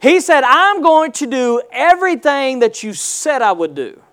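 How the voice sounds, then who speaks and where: A man's voice: extremely high pitch, very animated, unhurried, smooth. A male pastor preaching a sermon, reading scripture and calling on the congregation to answer back. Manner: preaching with call-and-response, rising to loud exclamations.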